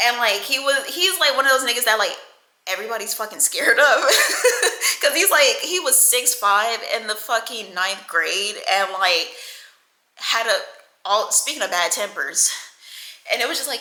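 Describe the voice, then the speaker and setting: A woman in her twenties telling a casual storytime, chatty and animated, swearing and laughing a lot. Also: a little high, normal speed. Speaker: vlogger. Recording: echoey room.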